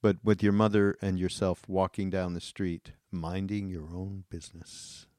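Low-voiced male podcast host. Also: level tone, moderate pace, a little mellow, dry recording, clean studio sound. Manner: enthusiastic, rambling prompts. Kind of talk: interview question.

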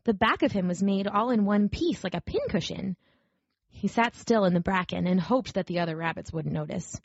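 A woman narrating a storybook aloud in a gentle, even storytelling manner. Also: mid-range voice, moderate pace, vocal fry, husky, dry recording. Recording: dry, slightly dull recording.

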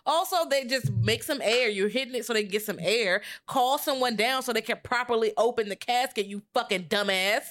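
A woman in casual chat about horror films, cursing freely and acting out scenes in lively rants. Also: on the high side, normal speed, hardly any pauses. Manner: profane, animated, acts out rants. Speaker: podcast co-host.

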